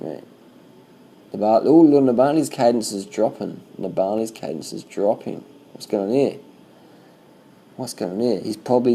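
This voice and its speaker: Gravelly low-voiced man, casual race chatter. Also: slight background noise, low-quality recording. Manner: swears freely, talks in loose animated bursts. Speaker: cycling vlogger commenting on race footage. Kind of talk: casual reaction commentary.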